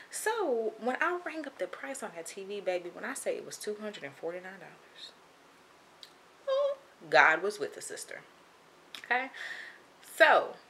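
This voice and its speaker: Chatty bright-voiced woman telling a story. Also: a little high. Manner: animated, chatty storytelling, acts out dialogue. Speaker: vlogger. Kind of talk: casual storytime.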